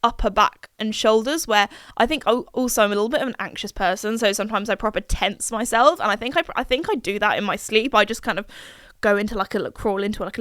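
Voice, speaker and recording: A woman's voice: mid-range voice, a bit bright, dry recording, studio quality. A young woman, chatting casually and rambling on her solo podcast, full of fillers and asides. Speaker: podcast host.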